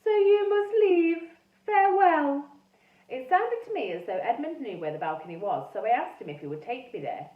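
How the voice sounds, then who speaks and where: Animated woman reading a story aloud. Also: medium pitch, fast, hardly any pauses. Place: classroom or school room. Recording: echoey room, mic far off, dull sound.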